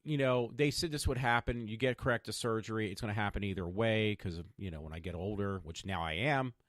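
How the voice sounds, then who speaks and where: A man in his fifties chats on his own podcast in a wandering, stop-start way, tripping over restarts and filling pauses with "um." His voice sits a little low. The sound is dry and close, with no room echo. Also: fairly bright tone. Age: 50s. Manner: meandering, stop-start, many fillers and restarts. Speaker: podcast host. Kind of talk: rambling personal vlog.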